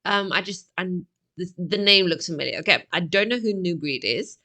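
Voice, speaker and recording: A woman's voice: fairly low pitch, moderate pace, sharp tone. A woman hosting a music reaction video, chatting casually to her viewers, often laughing and tripping over her words. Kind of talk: casual chat to camera.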